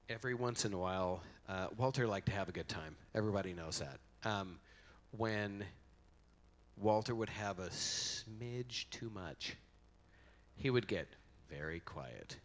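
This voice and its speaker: A man's voice: fairly low pitch, takes it slowly, long pauses. Rambling man giving a eulogy. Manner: rambling, casual, joking. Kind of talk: anecdotal eulogy speech. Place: convention center event hall.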